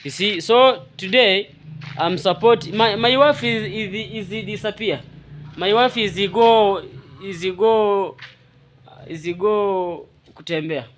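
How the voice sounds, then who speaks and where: A man with a Swahili accent chatting casually in halting English, repeating words and laughing often. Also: high voice, fairly bright tone, slight background noise. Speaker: vlogger. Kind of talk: casual chat in broken English.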